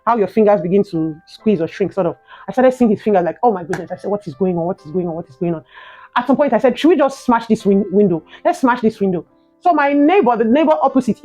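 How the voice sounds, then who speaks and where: A young adult woman with a Nigerian accent, telling a personal story in a vlog, animated and emotional, ending in prayerful encouragement. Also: fairly high pitch, highs cut off. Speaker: vlogger.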